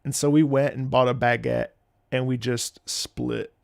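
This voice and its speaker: Gravelly young man rambling on stream. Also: mid-range voice, flat delivery, measured pace, a little mellow, no room sound, studio quality. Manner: rambling, laughing, swearing freely. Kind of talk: casual live-stream chat.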